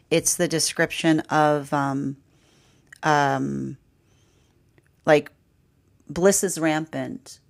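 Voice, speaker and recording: A woman giving a live tarot reading, rambling and repeating herself, with frequent "right?" and "like". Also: low voice. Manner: laughs often, quoting the energy's voice. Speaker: tarot reader.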